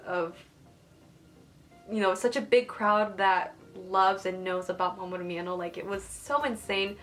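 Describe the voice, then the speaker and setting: Excited young woman vlogging, giggly and rambly, faint music under her voice. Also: mid-range voice. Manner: gushing, giggly, heavy use of "like". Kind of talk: casual excited recap.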